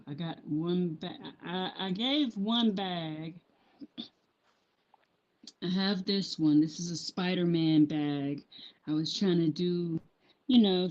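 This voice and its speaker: Chatting casually during a live stream, a small business owner describes her handmade apparel in a fairly low, somewhat mellow voice. Her talk wanders with frequent ums and restarts, captured in muffled lo-fi sound.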